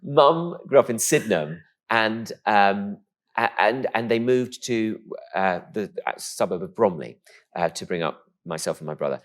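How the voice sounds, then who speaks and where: A man from England with a posh-sounding voice, telling stories in a camp, animated way as a guest in an interview. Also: on the low side, moderate pace. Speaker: comedian guest. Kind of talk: casual interview chat.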